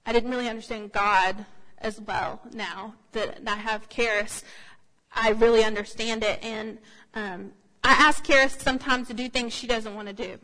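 A woman's voice: fairly high pitch, steady tone, normal speed, sharp tone. A woman giving a sermon in a conversational, anecdotal way, with frequent fillers. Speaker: speaker. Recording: long hall reverb.

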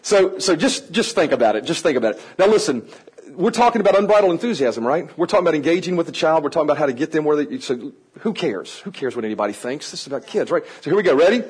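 A man with a high, husky voice leads a lively training session for a live audience. He talks in a playful, energetic way, teasing people and coaxing them to join in. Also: fast, rough recording. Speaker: children's ministry trainer. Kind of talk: lively teaching talk to an audience.

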